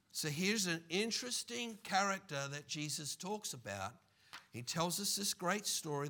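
Man, pastor mid-sermon, sharp and forceful tone, animated with playful asides. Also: fairly high pitch, creaky.

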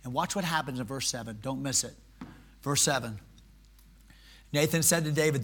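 A man preaching a sermon, animated and humorous, shifting from quiet conversational asides to loud exhortation. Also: a little high, moderate pace, pauses often, husky. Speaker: pastor.

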